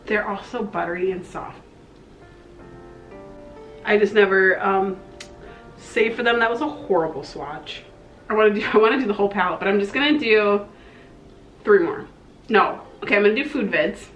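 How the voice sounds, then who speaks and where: A young woman with a twang, gushing excitedly as she reviews a makeup palette in a casual vlog. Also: mid-range voice, moderate pace, long pauses, echoey room, highs cut off, faint music behind. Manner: gushing, excitable, slangy, with breathy exclamations. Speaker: beauty vlogger.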